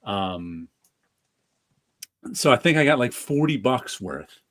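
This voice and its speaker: A man's voice: mid-range voice, very animated, slow. A man with a New York accent chatting casually on a podcast, rambling with many restarts. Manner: rambling, with restarts and light laughs. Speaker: podcast co-host. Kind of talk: casual chat.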